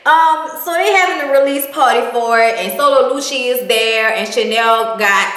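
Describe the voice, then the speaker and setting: Sassy high-voiced woman in an echoey room. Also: normal speed, a bit bright. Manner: sassy, profane, says "okay?" constantly. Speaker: reality TV recapper. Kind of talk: casual recap commentary.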